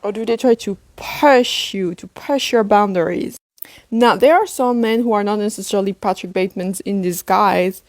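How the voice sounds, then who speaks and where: A woman's voice: mid-range voice, moderate pace, no room sound. A woman giving blunt, direct relationship advice in a short video. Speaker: social media commentator.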